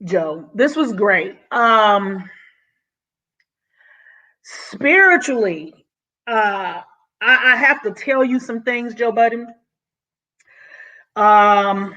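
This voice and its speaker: A woman talks straight to her channel, bubbling over with excitement and slightly out of breath. She calls her listeners honey, in a mid-range voice. The sound is dull and lo-fi. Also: medium pitch, slow pace, long pauses. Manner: excited, effusive, says "honey" often. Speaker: YouTube vlogger. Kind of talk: casual vlog monologue.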